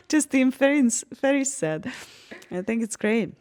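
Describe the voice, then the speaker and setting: A woman from Hungary, telling personal stories in a casual podcast chat, animated and laughing often. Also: sits high, unhurried. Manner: animated storytelling, laughs often, frank and expressive.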